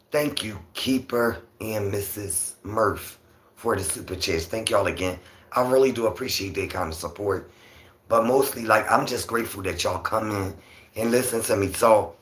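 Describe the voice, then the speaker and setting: A man with a raspy voice hosting a casual livestream, talking softly and rambling with many fillers. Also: on the low side, reverberant. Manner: talks softly, near a whisper. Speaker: livestream host.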